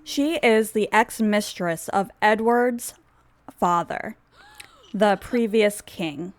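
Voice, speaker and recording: A woman's voice: medium pitch, slow. A woman casually narrating a life-simulation storyline, chatty and rambling, explaining the characters as she goes. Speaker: game storyteller.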